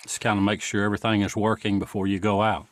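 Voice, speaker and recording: A man hosting an interview, calmly affirming his guest and prompting the next story. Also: fairly low pitch, fast talker, no echo, studio quality. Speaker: interview host. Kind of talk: interview questions.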